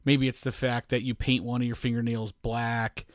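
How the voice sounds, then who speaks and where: Measured man in casual podcast chat. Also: mid-range voice, little pitch movement, dry recording, studio quality. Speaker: podcast co-host.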